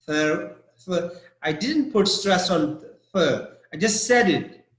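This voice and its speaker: A male English teacher speaking at a very slow, careful pace, repeating each word several times so his students can hear it. His voice sits a little high. The sound carries a noticeable room echo. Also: animated. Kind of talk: online vocabulary lesson.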